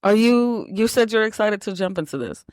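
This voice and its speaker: A woman's voice: medium pitch, lively intonation, moderate pace, a little mellow, dry recording. A woman hosting a casual podcast, teasing her co-host and laughing often. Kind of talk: casual chat.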